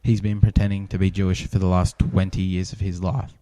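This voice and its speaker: A man's voice: sits low, little pitch movement, brisk, warm tone, dry recording, clean studio sound. A man co-hosting a podcast, wry and teasing, swearing in casual chat. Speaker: podcast co-host.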